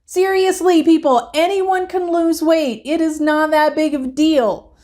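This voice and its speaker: A woman's voice: high voice, steady tone, unhurried, a little mellow. A woman reviewing a reality TV episode in a casual, chatty way. She grows emphatic and heated as she rants.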